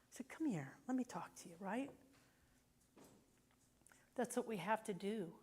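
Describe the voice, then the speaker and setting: A woman minister giving a sermon in a conversational way, often checking in with the congregation. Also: medium pitch. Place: church sanctuary.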